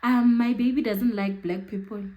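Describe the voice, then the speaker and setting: A woman's voice: a little high, fairly even intonation, normal speed, dark tone, highs cut off, close to an everyday voice. A woman quoting a smiling, dismissive mother.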